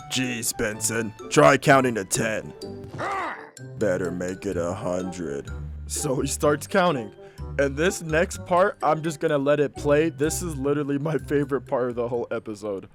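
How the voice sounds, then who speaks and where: Slangy young man recapping a cartoon. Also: mid-range voice. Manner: slangy, profane, laid-back. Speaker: commentator. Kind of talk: casual cartoon recap commentary.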